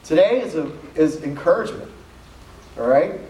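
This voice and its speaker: A man's voice: on the high side, expressive, normal speed, mellow. A man giving a casual, joking youth sermon at a camp, reading scripture with playful asides. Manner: joking, conversational, reads scripture aloud with asides. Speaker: camp speaker. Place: camp meeting hall. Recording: echoey hall from far off, faint noise.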